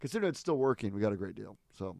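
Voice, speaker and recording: A man's voice: lowish voice, sing-song, very fast, vocal fry, darkish tone, no room sound. A man chatting casually as a podcast co-host, telling stories in a rambling, amused way, restarting and interrupting himself. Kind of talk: casual chat.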